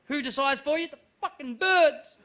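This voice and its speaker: A man performing a stand-up comedy set at a live show, telling stories with swearing and shouted rants. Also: very high-pitched, normal speed, a little hiss or hum. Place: live venue with audience.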